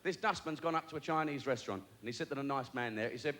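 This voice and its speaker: A man's voice: mid-range voice, rapid-fire. A man doing a stand-up routine on a TV variety show, full of cheeky, rambling patter and asides. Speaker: stand-up comedian. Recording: noisy broadcast with loud studio audience. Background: audience laughter.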